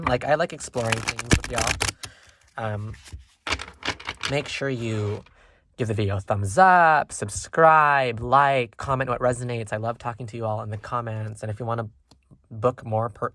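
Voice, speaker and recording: A tarot reader talking through a casual pick-a-card reading. The delivery wanders and is full of ums and likes as the reader thinks aloud. The tone stays gentle and reassuring, and the voice sits at an ordinary middle pitch. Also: very noisy. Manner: gentle and reassuring toward viewers.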